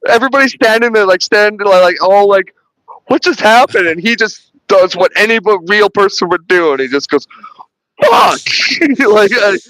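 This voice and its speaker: A man's voice: high-pitched, brisk, hardly any pauses, fairly bright tone, no room sound, rough recording. Rambling casual man, dry close sound. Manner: rambling, many restarts and swearing, laughing retelling. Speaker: podcast host reviewing a film. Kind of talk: casual chat.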